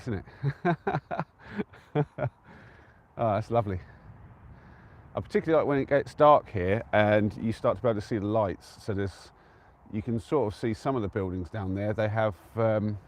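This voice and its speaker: A man's voice: lowish voice, a little mellow, slight background noise. Easygoing man from England chatting outdoors. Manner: chatty and easygoing, answers viewer comments aloud. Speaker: live-stream vlogger. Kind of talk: casual live-stream chat. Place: outdoors on a windy-free open hilltop at a trig point.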